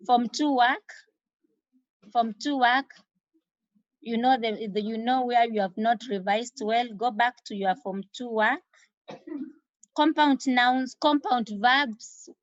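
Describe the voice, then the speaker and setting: A woman teacher with a Kenyan accent giving an exam revision lesson, repeating key terms slowly for emphasis. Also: a little high, no room sound. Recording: dull lo-fi recording.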